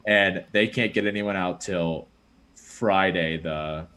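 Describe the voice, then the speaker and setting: A young man with a lowish voice chats casually on a podcast. He rambles through a story, stacking fillers like "like" and "dude" as he goes. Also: steady tone, slow pace, bright, forceful tone. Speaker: podcast host. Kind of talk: casual chat.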